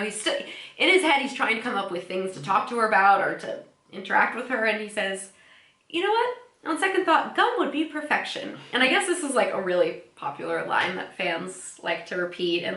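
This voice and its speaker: A woman's voice: mid-range voice, animated, fairly quick, pushed and bright. A woman casually recapping episodes as a podcast co-host, chatty and giggly, often acting out quoted lines. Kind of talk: casual chat. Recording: echoey room.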